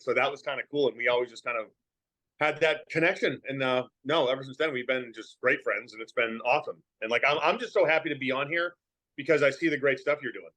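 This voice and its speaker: A man's voice: medium pitch, fast, sharp tone. A man with a light New England accent, chatting as a podcast guest, rambling with lots of fillers and restarts. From Massachusetts. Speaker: podcast guest, professional wrestler. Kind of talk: casual chat.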